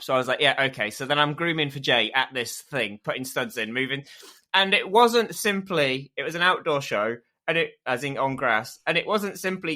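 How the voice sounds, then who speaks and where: A man co-hosting a podcast, telling anecdotes in a casual, animated way. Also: medium pitch, moderate pace. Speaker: podcast co-host. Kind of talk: casual chat.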